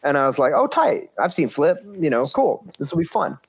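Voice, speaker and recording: A man's voice: fairly high pitch, a little fast, husky. A man in his thirties casually telling a story about his wrestling career, acting out quoted voices and swearing freely.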